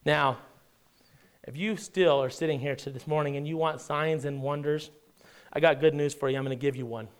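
A male pastor with a fairly high voice delivers a sermon in a conversational way. He keeps asking his listeners to agree, then drops his voice to a hush before rising again. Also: fairly even intonation, brisk. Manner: dramatic swings from loud emphasis to hushed near-whisper; conversational, asks the congregation "right?".

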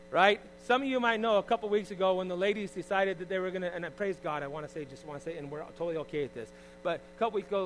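A middle-aged pastor preaching, swinging from loud emphasis to quiet, confiding asides. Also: male voice, sits high, slight background noise. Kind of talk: sermon.

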